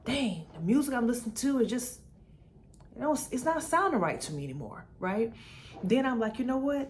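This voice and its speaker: A woman's voice: medium pitch, slight background noise. A young woman speaking casually and emphatically in a testimony vlog, repeating herself for effect and calling the listener "baby". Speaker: faith vlogger sharing her testimony.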